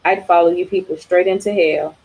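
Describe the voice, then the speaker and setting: A woman reads as a young woman survivor from a comic book, lonely and earnest. The voice sits low and stays near everyday speech. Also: steady tone, brisk, darkish tone, a little hiss or hum, close to an everyday voice, low-quality recording. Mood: heartfelt.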